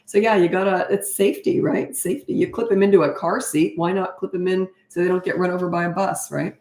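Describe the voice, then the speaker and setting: A woman's voice: fairly low pitch, steady tone, quick pace, a little mellow. A frank, chatty middle-aged woman answering parenting questions in a casual live stream. She laughs often and speaks into a webcam. The room sounds echoey. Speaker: parenting coach.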